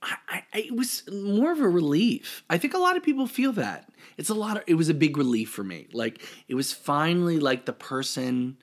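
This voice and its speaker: A man's voice: fairly high pitch, very animated, normal speed, few pauses. A man talking casually as a podcast guest, self-deprecating and chatty, his sentences trailing off. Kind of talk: casual interview.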